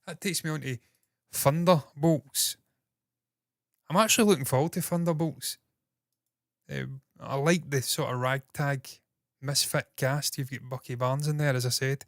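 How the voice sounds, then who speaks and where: A Scottish man hosting entertainment news in casual solo commentary, talking fast with a slightly nasal voice, swearing freely and mocking himself. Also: mid-range voice, no echo, clean studio sound. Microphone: processed with equalizers, compression and noise gate.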